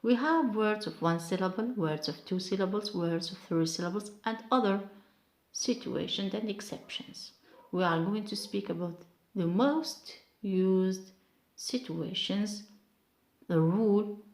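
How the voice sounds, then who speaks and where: Woman teacher, careful explainer, middle pitch, echoey room. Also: unhurried. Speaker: English teacher. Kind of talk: online lesson explanation.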